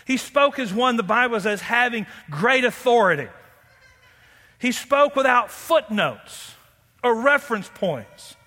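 A man preaching from the pulpit in a very high, bright voice. He is animated and playful, drawing the congregation in with questions. The sound carries a long reverb, as in a large church hall. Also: unhurried. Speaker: pastor. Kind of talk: sermon.

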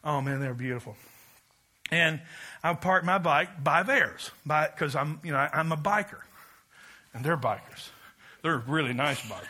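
A middle-aged man preaching a sermon, emphatic and climbing to loud peaks, then dropping into folksy storytelling asides. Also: fairly high pitch, moderate pace, long pauses. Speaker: pastor.

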